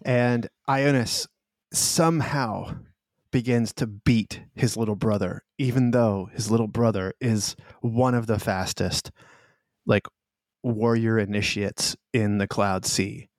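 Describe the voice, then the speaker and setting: A man narrating as game master of a tabletop game, halting with many fillers. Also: fairly low pitch, fairly even intonation, no echo, studio quality. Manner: halting, filler-heavy, laughs often.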